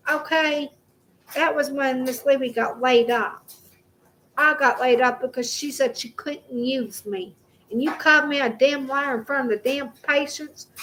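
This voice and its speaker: Heated young woman, high voice, swearing, repetitive, home vlog, faint room noise. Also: a bit bright, poor audio. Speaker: vlogger. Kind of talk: angry direct-to-camera rant.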